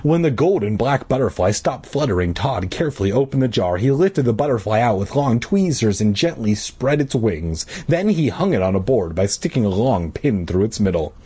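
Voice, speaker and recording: Casual reader with a husky, lively voice, cracks jokes. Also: male voice, on the low side, normal speed, few pauses. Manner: irreverent, swearing. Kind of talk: casual book reading with joking asides.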